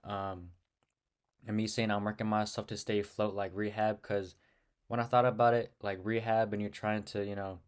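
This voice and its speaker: A man's voice: on the low side, little pitch movement, moderate pace, smooth. A young man casually talking to camera about his own rap lyrics, hesitant and rambling with many fillers and restarts, a bit awkward. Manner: self-conscious and awkward on camera. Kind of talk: casual self-recorded talk to camera.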